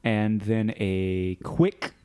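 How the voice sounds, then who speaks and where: A man's voice: fairly low pitch, flat delivery, extremely slow, a little mellow, clean tone, no room sound. A man co-hosting a casual podcast, retelling a film scene by scene in a wry way and acting out the characters. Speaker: podcast co-host. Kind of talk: casual film recap chat.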